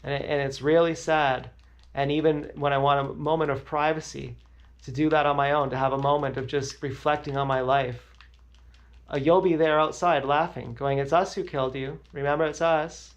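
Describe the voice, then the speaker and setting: A young man talks live to his viewers in a rambling, agitated monologue that keeps circling back on itself. His voice sits a little high for a man, with a gravelly, crackling edge. He talks straight on, repeating phrases as he goes. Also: steady tone, moderate pace, lo-fi sound. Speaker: livestreamer. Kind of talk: emotional livestream monologue.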